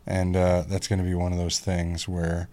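Low-voiced man telling stories animatedly. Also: moderate pace. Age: 30s. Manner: animated storytelling, swears, acts out squeaky kid voices. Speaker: podcast guest. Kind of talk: casual chat.

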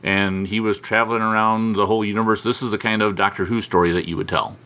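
A man's voice: fairly low pitch, fairly even intonation, fast talker, sharp tone. A man hosting a casual interview, chatty and encouraging, in a muffled lo-fi recording. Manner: chatty, encouraging, frequent backchannel. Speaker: interviewer, host.

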